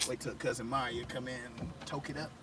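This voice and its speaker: A man's voice: mid-range voice, steady tone, fast, bright, forceful tone. A man bantering casually with his wife, laid-back and teasing, heard from off the mic. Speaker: host's husband.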